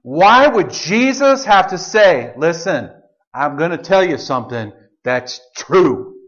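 High-voiced male pastor, chatty sermon delivery with quoted lines, dull lo-fi recording. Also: very animated, takes it slowly, fairly bright tone. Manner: conversational preaching, shifts into quoted voices of God.

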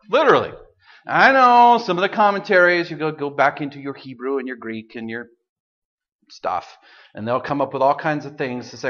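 A man's voice: mid-range voice, lively intonation, fairly quick, fairly bright tone, lo-fi sound. A male pastor preaching a sermon in a casual, joking storytelling manner.

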